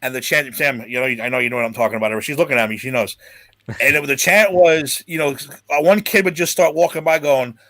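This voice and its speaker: Bright-voiced rambling storyteller man. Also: medium pitch, brisk, no room sound. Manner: rambling storyteller, repeats himself, swears. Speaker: podcast host. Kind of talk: casual chat.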